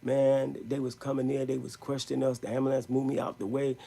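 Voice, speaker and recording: Gravelly, husky man, emphatic street-slang storyteller. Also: medium pitch, level tone, fairly quick, mellow. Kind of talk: live storytelling stream.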